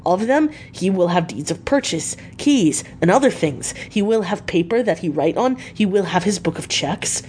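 A woman's voice: lowish voice, animated, normal speed, few pauses, a little mellow, slight background noise, lightly acted. A woman reading a storybook aloud, voicing an elderly foreign male professor who speaks earnestly in broken, formal English. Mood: urgent persuading.

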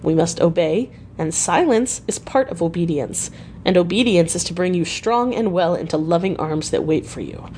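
A woman's voice: fairly low pitch, moderate pace, darkish tone, a little hiss or hum, lightly acted. A woman voicing a stern, fatherly old male Dutch professor who speaks in broken English. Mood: gentle.

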